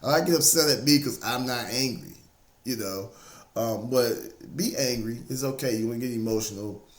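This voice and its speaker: A man's voice: medium pitch, normal speed. A man giving a casual, faith-based motivational talk, repeating key phrases over and over to drive them home. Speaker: motivational speaker. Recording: roomy, echoey room sound.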